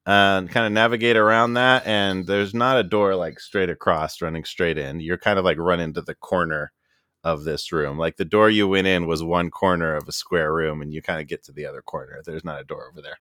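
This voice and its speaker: A man's voice: low voice, fairly even intonation, brisk, bright, forceful tone, no room sound, clean studio sound. A man narrating as game master of a tabletop game, loose and casual with plenty of fillers.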